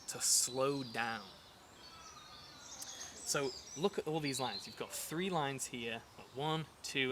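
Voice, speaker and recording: A man teaching verse in a relaxed, conversational way, at an ordinary pitch. He often pauses to fill gaps and rephrase. The recording has a clear layer of background noise with birds and insects. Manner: relaxed and chatty, with frequent fillers and restarts. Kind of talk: casual explanatory lesson.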